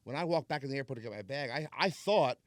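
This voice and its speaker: A man's voice: medium pitch, fast talker, no echo. Man telling a story on a dry podcast mic. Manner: animated storyteller, swears freely. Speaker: podcast host. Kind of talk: casual chat.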